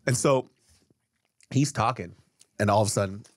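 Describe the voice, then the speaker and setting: A man's voice: normal speed, dry recording. A man hosting a podcast, telling a story casually and profanely, his voice jumping up when he gets riled. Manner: animated, profane, jumps up in pitch when riled. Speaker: podcast host.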